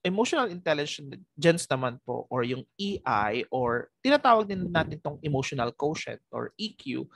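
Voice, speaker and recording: A man with a Filipino accent teaching a recorded lesson, his voice sitting a little high for a man. He moves between Tagalog and English, often checks in with a quick question, and chuckles now and then. The sound is dry and close. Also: fairly bright tone, husky, no room sound, poor audio. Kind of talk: recorded lecture.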